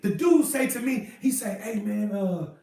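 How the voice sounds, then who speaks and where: Man, preacher, very high voice, fervent, shouting, echoey room, distant mic. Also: lively intonation, normal speed, creaky. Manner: fervent, repetitive call-and-response preaching, often shouting. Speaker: minister leading an online Bible study. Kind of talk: preaching sermon with personal testimony.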